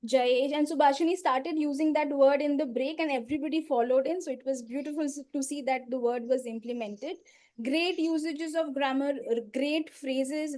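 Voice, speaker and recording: A woman in the grammarian role giving a measured, instructive report at a speaking club meeting over a video call. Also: sits high, a little mellow. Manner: measured, instructive, pauses between items.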